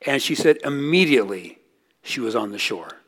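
A middle-aged man preaching, his pitch sitting right in the everyday middle. He tells stories earnestly, lifting his voice for quoted lines and sinking soft and low to land a point. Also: very animated, normal speed. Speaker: pastor. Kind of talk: sermon.

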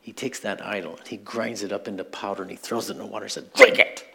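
A man's voice: fairly low pitch, fairly even intonation, very fast, vocal fry, fairly bright tone, breathy edge. A man preaching a sermon as pastor, in a conversational style with asides and light chuckles.

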